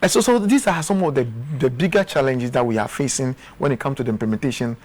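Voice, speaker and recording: A man's voice: medium pitch, quick pace, a little mellow. A man with a Ghanaian English accent, speaking as a guest in a studio interview, earnest and often repeating words as he restarts. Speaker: guest, former official.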